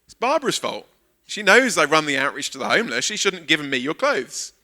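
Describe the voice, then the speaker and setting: A man's voice: a little high, fast. A man preaching as a guest speaker at a church service, telling a funny personal story and acting out the dialogue. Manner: animated storyteller, acts out quoted dialogue. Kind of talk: sermon with a humorous personal anecdote.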